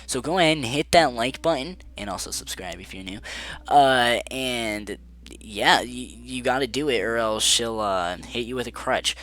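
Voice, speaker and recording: Male vlogger, sarcastic and animated, telling a school story with a bright, forward tone. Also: mid-range voice, normal speed. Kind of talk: casual storytime vlog.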